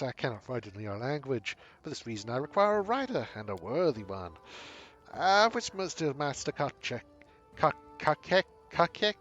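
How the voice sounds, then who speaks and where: A man's voice: mid-range voice, fairly bright tone, lo-fi sound. A man voicing a grand, mystical woman wanderer from far away, with a flowery, theatrical drawl, in a game.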